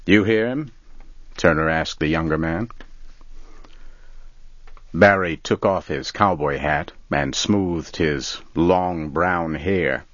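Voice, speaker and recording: Slow, deep-voiced male storyteller. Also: no room sound. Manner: calm, measured reading. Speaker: narrator. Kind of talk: story reading. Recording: dull lo-fi recording.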